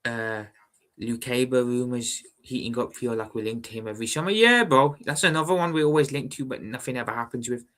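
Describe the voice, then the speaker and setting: A young man hosts a fan live stream in a bright, forward voice. He talks in a calm, measured way and often repeats his phrases. He chats casually with viewers and calls them brother. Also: medium pitch. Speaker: football fan livestream host.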